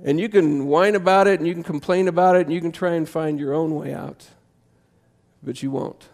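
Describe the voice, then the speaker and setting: A pastor preaching a sermon in a church, conversational and impassioned, jumping to loud emphasis. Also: male voice, on the high side, fairly quick, creaky. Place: church sanctuary.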